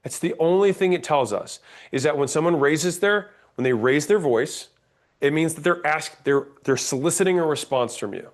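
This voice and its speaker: Emphatic man teaching sales tone. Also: fairly high pitch. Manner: emphatic, demonstrates pauses and inflection, blunt. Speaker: sales trainer. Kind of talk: instructional talk on sales tonality.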